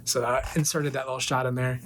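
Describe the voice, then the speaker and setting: A man in his forties, a toy collector, casually retelling a movie in a rambling way full of fillers and quick character voices. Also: medium pitch, level tone, fairly bright tone, slight background noise. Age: 40s.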